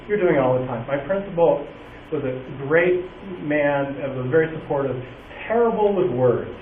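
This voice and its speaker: A man who is a music teacher, giving a lively talk to other teachers and acting out little stories. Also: on the high side, slight background noise. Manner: animated storyteller, acts out quotes. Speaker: music teacher speaking at a workshop. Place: hall or classroom at a workshop. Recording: far, echoey, tinny room recording.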